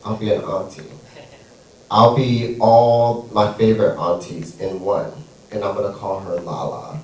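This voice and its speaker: A man's voice: lowish voice, steady tone, measured pace, a little mellow. A man performing a stand-up comedy set on a theater stage, sassy and playful, drawing out his punchlines. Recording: echoey room, far from mic.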